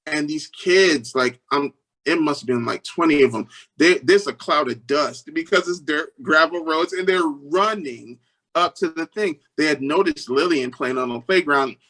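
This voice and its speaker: Earnest and moderately paced, a man recounts stories as an interview guest. He keeps restarting sentences and slips into lively, high-pitched voices to quote others.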